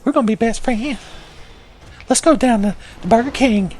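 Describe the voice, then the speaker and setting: Guy doing a super clingy creepy ghost man voice, way high and singsongy. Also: moderate pace. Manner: creepy, overfriendly, sing-song. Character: clingy ghost man hung around a neck.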